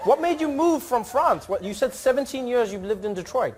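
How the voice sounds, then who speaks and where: A man's voice: extremely high pitch, expressive, brisk, a little hiss or hum. A man, a comedian host, joking animatedly with a live studio audience and slipping into funny accents. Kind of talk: improvised crowd work.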